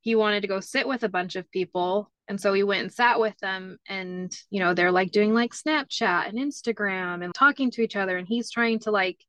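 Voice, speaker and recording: This is a woman guest on an interview show, telling family stories in a loose, casual way. She fills her talk with "like" and "you know." Her voice sits at a middle pitch, and the sound is close and dry with no room echo. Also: moderate pace, hardly any pauses, a bit bright. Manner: chatty, many "like" fillers. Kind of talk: casual storytelling chat.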